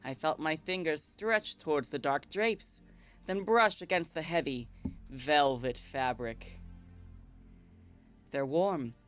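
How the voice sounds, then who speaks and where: A woman reading as a brooding vampire. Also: faint music behind. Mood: somber. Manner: slow, somber, low reading. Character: guilt-ridden centuries-old male vampire narrator, brooding. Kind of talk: reading a visual novel aloud.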